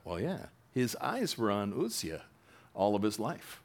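Animated preacher with a lively, swooping voice. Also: male voice, lowish voice, unhurried. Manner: animated preaching, reading scripture aloud with sudden loud emphatic bursts and asides. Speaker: pastor. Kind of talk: sermon.

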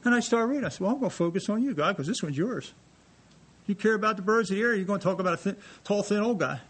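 Male preacher, high voice, lively and joking with the congregation, reads scripture aloud. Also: fast talker, breathy edge. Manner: animated, jokey, reading scripture aloud to a congregation. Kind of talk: sermon. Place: church sanctuary.

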